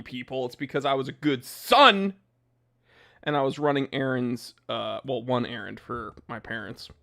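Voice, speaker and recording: A man's voice: mid-range voice, fairly bright tone. A young man hosting a casual livestream from his home office, joking and ranting as he reads names from the chat. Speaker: watch channel host.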